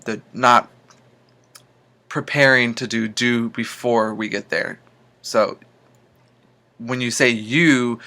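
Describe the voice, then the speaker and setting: A man working as a speech therapist, recording homework and giving calm plain instructions between slowly sung practice phrases. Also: medium pitch, gravelly.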